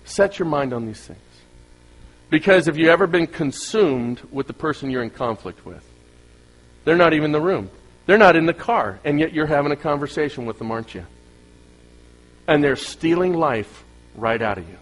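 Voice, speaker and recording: A man preaching a sermon as pastor, speaking with animated emphasis, asking the congregation rhetorical questions and acting out voices of listeners. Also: on the high side, moderate pace, rough recording. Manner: acts out quoted voices of listeners.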